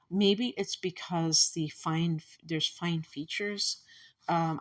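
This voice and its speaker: A woman from the Chicago area with a Chicago accent, giving a casual astrology commentary in a meandering, musing way that often restarts thoughts. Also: sits low. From Chicago area, USA.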